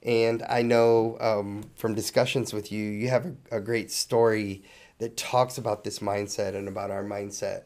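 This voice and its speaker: A man co-hosting a casual podcast, steering the talk and musing aloud between fillers. His voice sits on the low side. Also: flat delivery, moderate pace, darkish tone. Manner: prompting, conversational, with fillers. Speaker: podcast co-host.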